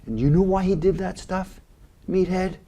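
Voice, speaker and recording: A man retelling a gruff old father, hushed. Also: sits high, normal speed, pitched above the performer's own voice. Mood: hushed, emotional. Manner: quiet, hushed. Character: gruff old working-class father, softened.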